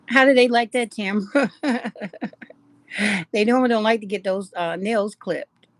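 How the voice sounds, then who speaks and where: A woman's voice: mid-range voice, measured pace, no room sound. Chatty woman hosting a live stream. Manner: chatty, greets viewers by name, laughs often. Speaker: live-stream host of a jewelry shop. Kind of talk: casual live-stream chat with viewers.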